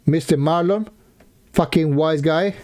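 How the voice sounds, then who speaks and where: Speaking a little slowly in a slightly high, slightly mellow voice, a man delivers profane, ranting reaction commentary. He curses a lot and ridicules the person he's watching.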